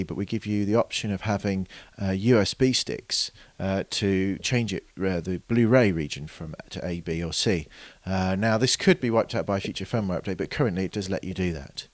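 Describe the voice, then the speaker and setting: A man's voice: sits low, no room sound. A man explaining product features in an unscripted demonstration, hesitant with many fillers and restarts. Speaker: product reviewer.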